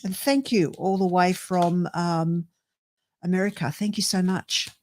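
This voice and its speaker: A woman's voice: lowish voice, fairly even intonation, unhurried, a little mellow. Chatty Australian woman reading tarot. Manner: chatty and rambling, full of fillers, calls viewers darling and sweetheart. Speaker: tarot reader, co-host. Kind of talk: live-stream tarot reading.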